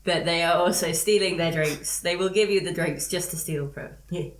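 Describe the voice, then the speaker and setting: A woman's voice: fairly low pitch, moderate pace, slight background noise. A woman on a casual podcast, chatty and giggly as she shares a fact. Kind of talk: casual chat, sharing a fact. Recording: roomy echo.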